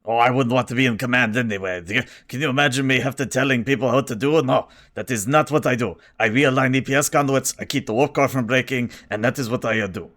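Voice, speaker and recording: A cranky male alien engineer, as a man plays him argues every point with stiff, formal pedantry. His voice sits in a middle pitch. He sounds put out and ready to quarrel. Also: fast talker, hardly any pauses, a bit bright, close to an everyday voice. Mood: indignant. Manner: pedantic and combative.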